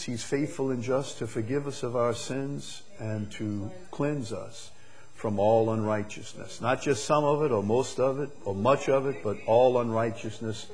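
A man's voice: mid-range voice, darkish tone. A man preaching a sermon as pastor, emphatic and building his points through repeated phrases. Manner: emphatic, repetitive preaching cadence.

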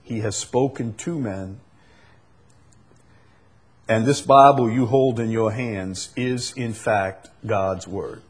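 A man preaching a sermon, swinging from loud emphatic peaks to soft low drops and stretching key words. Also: slow, long pauses, husky.

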